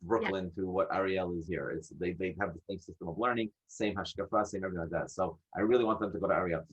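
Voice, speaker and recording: A man, a podcast guest telling stories in an animated way, acting out dialogue and often restarting his sentences. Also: low-pitched, fast talker, husky. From United States. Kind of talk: casual storytelling. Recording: dull lo-fi audio.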